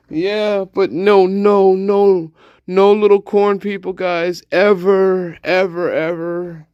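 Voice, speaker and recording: A man's voice: high-pitched, fairly even intonation, slow, darkish tone, clean tone, no room sound, lo-fi sound. A man hosting a livestream, giving crude, mocking commentary and laughing often. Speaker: livestream host.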